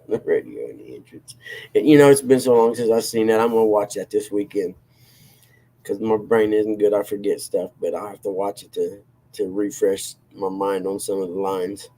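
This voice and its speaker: Gravelly low-voiced man chatting casually. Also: moderate pace, mellow, slight background noise. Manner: rambling, self-deprecating, chuckles often. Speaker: livestream host reading chat. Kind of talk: casual chat.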